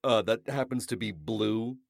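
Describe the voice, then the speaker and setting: A man's voice: on the low side, measured pace, vocal fry, no room sound, studio quality. A man hosting a show, chatting casually while he mixes a cocktail and explains each step. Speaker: cocktail-making host. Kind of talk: casual chat while mixing a drink.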